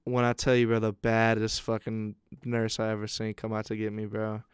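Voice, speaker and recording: Smooth-voiced young man telling a profane story. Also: fairly low pitch, moderate pace, no echo, clean studio sound. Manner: animated, profane, laughs through his story. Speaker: podcast co-host. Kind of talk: casual chat, storytelling.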